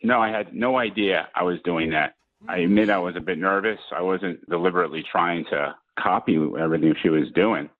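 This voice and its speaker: A hesitant, earnest man speaks over a tinny phone line in a very deep voice. He stammers a little as he explains himself. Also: brisk, no room sound. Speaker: caller on a dating radio show.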